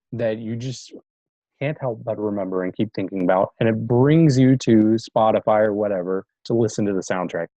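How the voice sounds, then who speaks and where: Low mellow guy chatting movies, kinda muffled dry lo-fi mic. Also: no room sound. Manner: relaxed, hesitant, many fillers. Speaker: podcast guest. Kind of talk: casual chat. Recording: dull, dry lo-fi sound.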